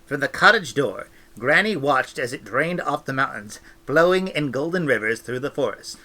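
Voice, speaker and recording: A man reading a novel aloud with expressive, animated storytelling. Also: medium pitch, normal speed. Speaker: audiobook reader.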